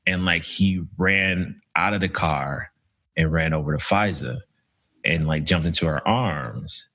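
A man with a very low voice tells a long personal story in a relaxed podcast chat. He speaks slowly and thoughtfully, pausing on fillers as he goes. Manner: relaxed storytelling, slow and reflective with many fillers. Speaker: podcast co-host. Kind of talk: casual chat.

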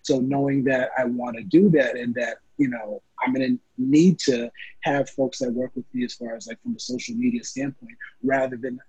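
A man's voice: mid-range voice, creaky, darkish tone, slightly rough, no echo, lo-fi sound. A man who works as a fitness trainer, answering interview questions in an earnest, casual way with lots of fillers. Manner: earnest, many fillers like um and you know.

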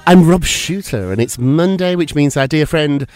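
Chatty man hosting, lively pitch. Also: normal speed. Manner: chatty, theatrical. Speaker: podcast host. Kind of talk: celebrity gossip chat.

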